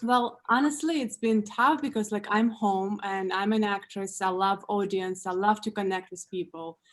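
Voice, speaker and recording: A woman's voice: mid-range voice, steady tone, moderate pace. A woman doing stand-up comedy over a video call who keeps breaking into giggles.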